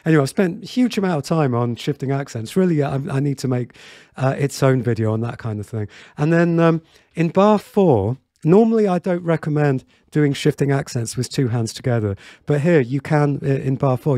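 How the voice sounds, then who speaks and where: A man's voice: medium pitch, normal speed. A man teaching a piano tutorial in a chatty way, with many fillers and restarts, counting beats aloud.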